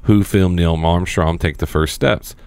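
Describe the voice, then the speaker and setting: A man's voice: sits low, unhurried, vocal fry, darkish tone, clear, resonant tone, no echo. A man hosting a casual podcast chat, who swears freely and reads items aloud for the others. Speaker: podcast host.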